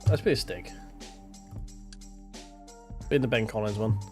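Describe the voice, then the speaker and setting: A man's voice: on the low side, measured pace, darkish tone, soft background music. A man chatting loosely to his stream while driving a racing sim, thinking aloud and swearing casually. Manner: rambling, self-talking, casual swearing. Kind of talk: live gameplay commentary.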